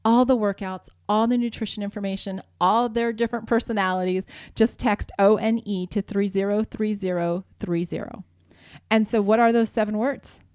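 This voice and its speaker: A woman's voice: mid-range voice, steady tone, moderate pace, darkish tone, no room sound, clean studio sound. A woman co-hosting a marriage podcast in casual, earnest talk, laughing easily and reading sponsor plugs. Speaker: podcast co-host.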